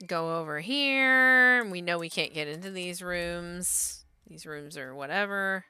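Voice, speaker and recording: A woman's voice: lowish voice, slow, bright, forceful tone, clear, resonant tone, no room sound. A woman streamer playing a horror game, chatting, reading the on-screen text aloud, and talking back to the characters.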